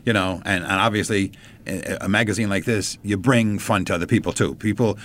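A man's voice: fairly low pitch, brisk, a bit bright, slight background noise. A man hosting a radio interview, chatty with joking asides. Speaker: radio host.

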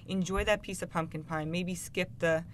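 Calm woman giving food advice. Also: lowish voice, a little hiss or hum. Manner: calm, measured, lots of you-know fillers. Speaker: nutrition guest expert. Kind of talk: casual advice chat.

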